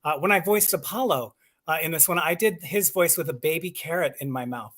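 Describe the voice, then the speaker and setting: A man's voice: a little high, brisk, fairly bright tone. A voice actor and audiobook narrator chatting casually and enthusiastically, laughing at himself as he explains his craft. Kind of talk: casual chat on a live stream.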